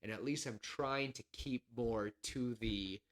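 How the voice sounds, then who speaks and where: A man with a drawl co-hosts a casual podcast. He rambles, gets excitable and acts out scenes as he talks. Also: medium pitch, measured pace. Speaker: podcast co-host. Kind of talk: casual chat.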